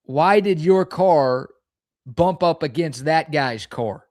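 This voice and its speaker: A man's voice: animated, takes it slowly, a little mellow, no echo. A man from Texas, co-hosting a sports talk show, doing a live beer ad read and teasing his co-host. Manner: upbeat pitchman, teasing. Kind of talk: live-read ad and casual banter. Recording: dry close studio sound.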